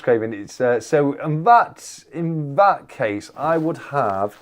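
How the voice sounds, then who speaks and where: A man's voice: medium pitch, a little mellow. A British man hosting a live stream, chatting casually and joking with viewers in rambling banter. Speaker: livestream host reading chat.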